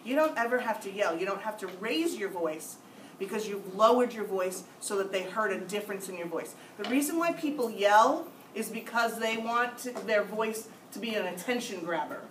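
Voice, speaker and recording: A woman's voice: medium pitch, expressive, normal speed, slight background noise. Firm woman lecturing in an echoey room. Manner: firm, emphatic, repeats key points. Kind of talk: classroom discussion. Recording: echoey room, mic far off.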